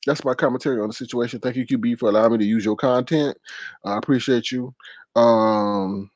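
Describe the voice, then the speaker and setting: A man hosting a casual live-stream commentary, animated and laughing, with exaggerated high-pitched repeats of words. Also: fairly quick, dry recording. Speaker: commentary channel host.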